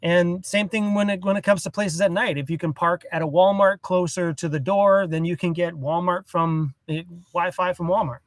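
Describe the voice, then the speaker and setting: A laid-back man with a fairly high voice rambles through a casual phone livestream from inside his parked van. The sound is dry and close, with no room echo. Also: steady tone, moderate pace, hardly any pauses. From Canada. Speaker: van life vlogger. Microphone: cell phone.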